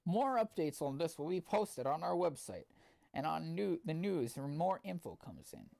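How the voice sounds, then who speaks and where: Guy doing a jumpy tv news reporter, pitched way up, tripping over the lines. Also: very animated, moderate pace, creaky, dark tone, dry recording. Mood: breathless. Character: excitable male news reporter.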